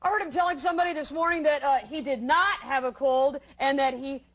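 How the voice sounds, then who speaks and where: A woman acting a brash, crude office worker who taunts her coworkers loudly in a comedy sketch. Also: high-pitched, a little fast, voice pushed up. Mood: mocking. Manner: loud, brazen, taunting.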